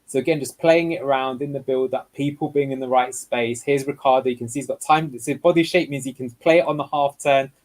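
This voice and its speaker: A man's voice: medium pitch, fairly even intonation, fairly quick, hardly any pauses, low-quality recording. A man working as a guest football analyst, explaining match footage step by step in a tactical video breakdown. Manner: explanatory, walks through clips step by step.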